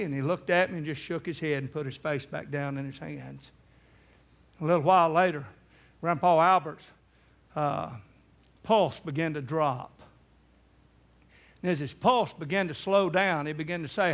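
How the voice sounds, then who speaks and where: A man's voice: on the high side, normal speed, long pauses. A middle-aged man, an evangelist telling a story in a sermon and acting out the voices of the people in it. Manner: acts out quoted voices, rising to near-shouts in emotional peaks.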